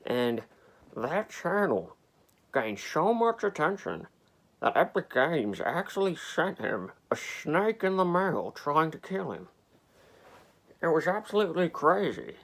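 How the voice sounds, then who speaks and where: A man's voice: fairly high pitch, very animated, slow, fairly bright tone. A man speaking hesitantly, with lots of fillers, as an interviewee in a comedy mockumentary. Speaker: mock documentary interviewee.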